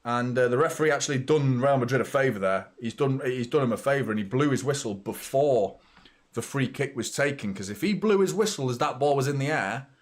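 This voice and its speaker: A man's voice: medium pitch, animated, fairly quick. Chatty man reacting to a match. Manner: chatty, swears, reacts loudly to play. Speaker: host of a football watchalong. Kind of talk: live match watchalong commentary.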